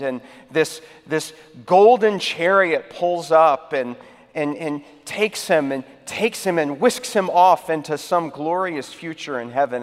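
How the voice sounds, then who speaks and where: Storytelling male pastor in a reverberant church. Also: fairly high pitch. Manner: storytelling, conversational, emphatic. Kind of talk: sermon.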